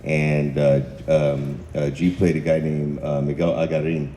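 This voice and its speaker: A man on a convention panel reminiscing in a relaxed, reflective way, full of fillers. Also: a bass voice, measured pace. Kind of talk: casual panel chat. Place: convention hall panel stage. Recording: echoey convention hall, faint noise.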